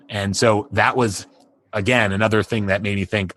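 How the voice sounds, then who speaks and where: A man's voice: lowish voice, normal speed, a bit bright, no echo. A middle-aged man, a guest on an interview show, telling a personal story in a rambling way full of "you know" and restarts. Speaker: interview guest, entertainment publicist.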